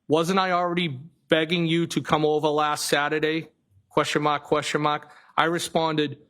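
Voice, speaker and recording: A man with a Boston accent sits on a witness stand and reads text messages aloud into the record. His voice sits a little high for a man. He reads them flatly and haltingly, stopping now and then to correct a word. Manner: flat, halting reading with self-corrections. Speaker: trial witness.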